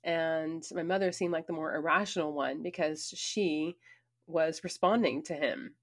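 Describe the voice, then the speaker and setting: A woman narrates her own memoir in a somewhat low voice, earnest and emphatic. She tells it like a personal story, slipping in casual conversational asides. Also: unhurried.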